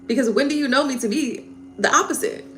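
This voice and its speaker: A woman's voice: high voice, fairly quick, soft background music. A woman hosting a live tarot stream, venting heatedly in casual talk, swearing and repeating herself.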